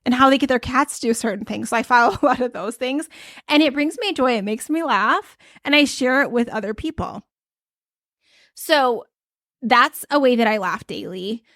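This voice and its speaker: A woman's voice: fairly high pitch, moderate pace, fairly bright tone, dry recording. Chatty young woman, dry close sound. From United States. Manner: chatty, rambling, many fillers. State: pregnant. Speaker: podcast host. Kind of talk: casual podcast chat giving tips.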